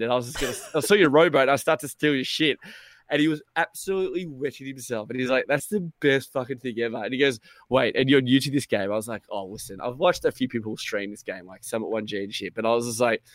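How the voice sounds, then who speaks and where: A man's voice: medium pitch, no echo, clean studio sound. A young man co-hosting a gaming podcast, telling a story in casual chat, swearing freely and acting out both sides of the conversation. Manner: animated, swears a lot, acts out quotes. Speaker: podcast co-host.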